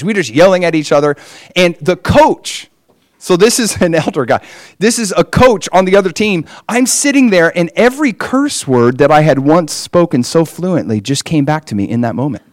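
A man's voice: sits high, dry recording. A man preaching a personal testimony as a story, with emphatic rises in his delivery.

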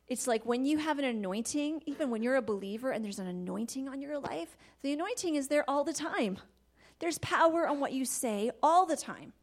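A woman giving a faith-based talk on marriage, animated, laughing often and dropping into soft asides. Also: fairly high pitch. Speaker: Christian marriage teacher.

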